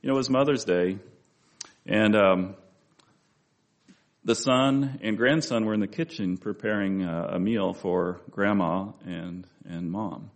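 A man's voice: fairly low pitch, a little slow. A man preaching a conversational Bible-study sermon, with asides and restarts as he talks.

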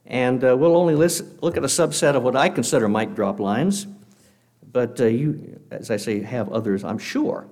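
A man giving a sermon to a congregation, earnest and measured, slowing down to read scripture aloud. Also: medium pitch, darkish tone. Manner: guest speaker addressing a congregation. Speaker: preacher.

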